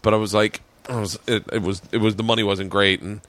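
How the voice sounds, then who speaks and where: A podcast host with a lowish voice tells a long, animated story at a brisk clip, swearing a lot and acting out the quotes. The recording has no echo, and the mood is casual storytelling chat.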